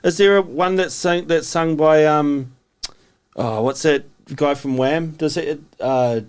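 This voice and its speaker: A man co-hosting a casual chat, offhand and quick to laugh. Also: a little high, clear, resonant tone. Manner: offhand, giggly.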